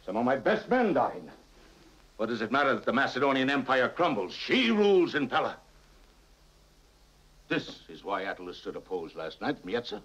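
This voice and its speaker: A husky, cunning middle-aged king. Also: mid-range voice, big pitch swings, moderate pace, long pauses, a bit bright. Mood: impassioned. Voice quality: husky, commanding. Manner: stern, probing and scornful. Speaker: king in a period film. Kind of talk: 1950s epic film acting. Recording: dull lo-fi 1950s film soundtrack.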